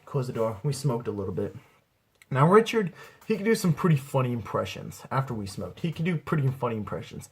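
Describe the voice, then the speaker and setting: Husky rambling young man telling a story. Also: mid-range voice, sing-song, brisk. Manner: rambling, profane, laid-back. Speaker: aspiring comedian vlogger. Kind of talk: casual anecdote storytelling.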